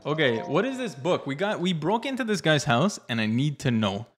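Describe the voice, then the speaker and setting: A young man live-streaming a game, chatty and excitable, reading chat aloud and reacting playfully. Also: fairly high pitch, moderate pace, over loud music.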